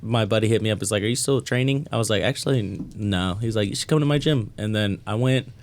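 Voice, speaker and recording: A man's voice: on the low side, fast, a little hiss or hum. Male podcast guest from North Texas, easygoing, foul-mouthed storyteller who acts out quotes. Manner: laid-back, swears freely, acts out quotes. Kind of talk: casual podcast chat.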